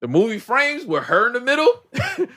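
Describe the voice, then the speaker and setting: A man co-hosting a podcast, recapping a movie in casual chat with heavy slang and lively storytelling. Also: very high-pitched, moderate pace. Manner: animated storyteller, heavy slang, acts out characters. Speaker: podcast co-host.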